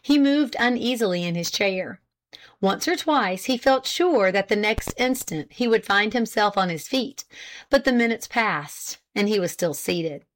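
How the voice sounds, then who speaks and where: In a scripted audiobook reading, a woman narrates a period novel. Her mid-range voice keeps an even, measured storytelling manner.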